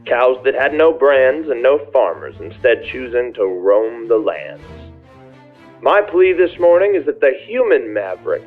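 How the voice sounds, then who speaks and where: A man's voice: medium pitch, big pitch swings, measured pace, phone-quality sound, faint music behind. A man voicing a pompous old male university president giving a speech in a put-on Savannah Southern accent. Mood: pompous, declaiming. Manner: lofty, declaiming.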